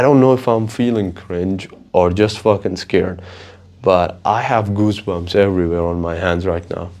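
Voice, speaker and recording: Profane rambling low-voiced man. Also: moderate pace. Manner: profane, rambling, animated storytelling. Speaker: podcast host. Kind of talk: casual solo monologue.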